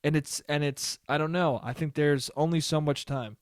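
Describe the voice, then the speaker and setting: A man's voice: a little high, steady tone, normal speed, no echo, studio quality. A young man hosting a solo podcast, rambling in a casual, profane way and laughing often. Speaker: podcast host.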